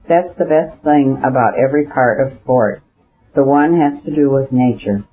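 A man's voice: medium pitch, normal speed, lightly acted. A man reading a lecturing elder brother. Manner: lecturing, persuasive. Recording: dull lo-fi recording.

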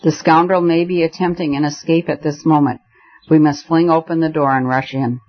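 A man's voice: fairly high pitch, fairly even intonation, normal speed, muffled recording, lightly acted. A man voicing an eager young man who plays detective, with dramatic, commanding speech.

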